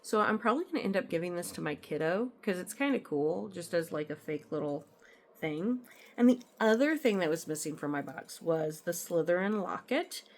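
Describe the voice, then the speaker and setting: This woman speaks in a lowish, animated voice at a moderate pace, sharing cross-stitch finds from her apartment. Her show-and-tell is casual and meandering, full of asides and frequent ums.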